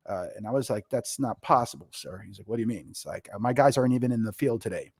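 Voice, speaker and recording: Middle-aged new guy, talks real fast, animated storyteller, dry close sound. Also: fairly low pitch, creaky, breathy edge, no room sound. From New York. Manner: animated, acts out bosses in quoted voices. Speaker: podcast guest, retired Marine officer. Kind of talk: casual storytelling.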